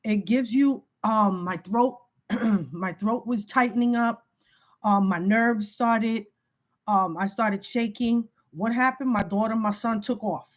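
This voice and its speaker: Woman, higher voice, emotional vlog monologue, halting and repetitive, urgent warnings. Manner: halting, repeats words, breaks off emotionally. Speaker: spiritual video creator. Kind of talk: emotional direct-to-camera monologue.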